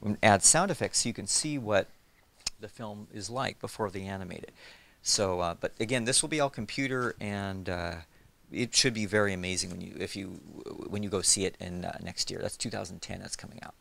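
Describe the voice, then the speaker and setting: With a lowish, fairly bright voice, some vocal fry, and a fairly quick pace, a middle-aged man describes his job as an animator and storyboard artist. It's a casual interview, and his manner is friendly and rambling with lots of fillers.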